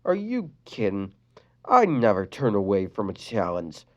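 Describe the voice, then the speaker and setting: A tough teenage soccer girl in a fan story, voiced by a reader who never backs down. She sounds brash and firm, with a lively, swinging pitch. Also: a little slow, highs cut off, exaggerated voice. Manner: brash, competitive. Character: tough sporty teen girl.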